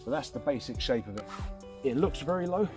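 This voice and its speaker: A man casually explaining a camp setup outdoors in the woods, chatty and relaxed, with frequent fillers. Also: medium pitch, a little fast, music in the background. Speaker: outdoor channel host.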